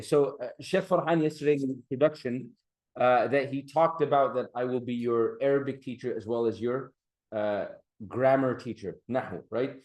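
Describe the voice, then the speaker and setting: A man's voice: mid-range voice, a little mellow. A man teaching an Arabic grammar class, patiently explaining and drawing out the endings of Arabic words. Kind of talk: classroom lecture.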